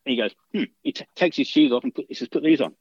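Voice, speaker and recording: A man's voice: mid-range voice, animated, fast, breathy edge, no room sound, dull audio. A man, a guitarist, telling long casual anecdotes in an interview, full of restarts and fillers. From Australia. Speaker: guitarist guest.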